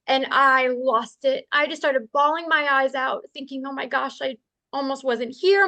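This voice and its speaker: A woman's voice: high voice, pushed and bright, dry recording. A woman telling personal stories as a podcast guest in an earnest, conversational way, speeding up in bursts. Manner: earnest, quick bursts of speech with laughs. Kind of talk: conversational storytelling.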